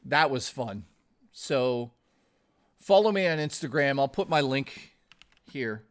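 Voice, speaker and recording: A man's voice: medium pitch, lively intonation, slow pace, a bit bright. A man streaming live, chatting casually and ramblingly with viewers, swearing often and calling them dude and guys. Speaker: gaming streamer.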